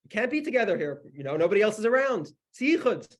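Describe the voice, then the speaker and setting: A man doing a shouting, rule-bound young man. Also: sits high, very animated, quick pace, voice pushed up. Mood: indignant. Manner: loud, insistent shouting. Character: rigid young man yelling rules.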